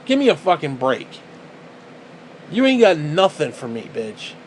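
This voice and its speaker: A man's voice: fairly high pitch, big pitch swings, a little slow, a little hiss or hum. A man vlogging a casual rant to the camera, crude, profane and exasperated.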